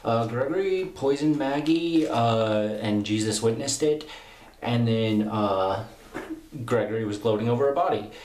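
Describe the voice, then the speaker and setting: A man's voice: mid-range voice, measured pace, a little hiss or hum. Rambling young man in an echoey room. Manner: excited, rambling, many fillers. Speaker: comic book reviewer. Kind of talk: casual rambling review. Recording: roomy echo.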